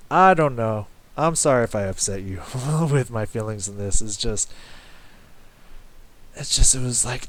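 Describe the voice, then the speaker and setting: A man's voice: on the low side, a bit bright. A man giving casual reaction commentary on an album, rambling and correcting himself, laughing often and swearing casually. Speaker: music reaction YouTuber.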